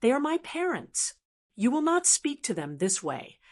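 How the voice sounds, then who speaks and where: A woman voicing a resentful, defensive young wife who yells indignantly at her husband. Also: sits high, sing-song, unhurried, exaggerated voice. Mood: resentful fury. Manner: indignant, yelling.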